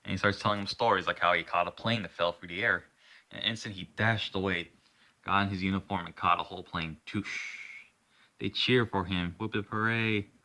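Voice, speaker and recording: Bright-voiced deep man rambling a story. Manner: rambling, swears, restarts and self-corrections. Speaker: storyteller narrating his own hero story. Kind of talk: casual improvised narration.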